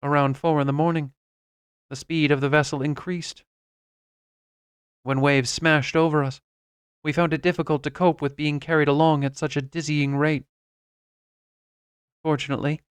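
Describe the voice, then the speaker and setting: A man narrates a classic adventure novel in the first person, measured and expressive. His voice is smooth and resonant and sits slightly high. The recording is dry and close, with no room echo. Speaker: audiobook narrator.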